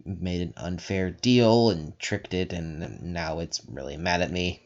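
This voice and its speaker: Casting note: a man as an anxious young man, low and hushed, lo-fi sound. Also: measured pace. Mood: hushed, nervous. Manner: hushed, sighing. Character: worried young man hiding from a monster.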